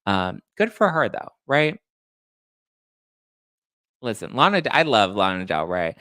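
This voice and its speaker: A man hosts a casual celebrity gossip chat, campy and quick with playful shade. His mid-pitched voice carries a steady gravelly fry. The sound is close and dry with no room echo. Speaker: podcast host.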